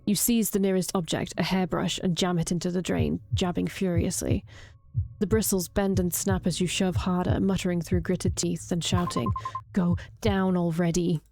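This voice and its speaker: A woman reading a horror visual novel aloud, drawing out the grisly parts slowly with brief reactions. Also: on the low side, level tone, gravelly, warm tone, slight background noise. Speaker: streamer reading a game aloud.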